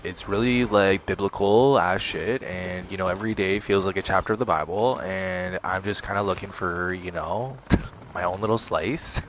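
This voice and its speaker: A young man casually telling a story to the camera, animated, quoting others in a raised voice, with laughs and swearing. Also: deep voice, normal speed, slight background noise. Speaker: vlogger.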